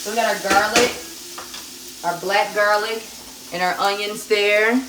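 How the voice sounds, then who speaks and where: On a live cooking stream from her home kitchen, a woman with a steady, medium-pitched voice speaks a little slowly, chatting right to her viewers as she cooks. The sound comes from a phone camera at a distance, echoey, with background noise and a pan of food sizzling and frying.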